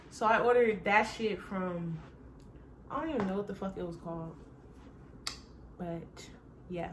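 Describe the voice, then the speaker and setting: A young woman vlogger chats casually to the camera for her viewers, rambling and swearing, often trailing off and sighing. Her voice is medium-pitched, with slight background noise.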